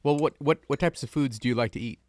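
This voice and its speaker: A young man hosts a call-in stream in a loose, rambling, joking manner, full of filler words. His voice sits at a middle pitch and sounds dry and close, with no room echo. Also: fast talker, darkish tone. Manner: rambling, jokey, lots of filler. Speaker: streamer host taking calls. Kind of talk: casual chat.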